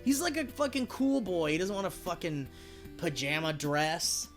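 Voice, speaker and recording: Over soft background music, a man streams a video game and chats in a slightly high, sing-song voice at normal speed with a fairly bright tone. His talk is rambling and jokey, and he swears freely with his viewers.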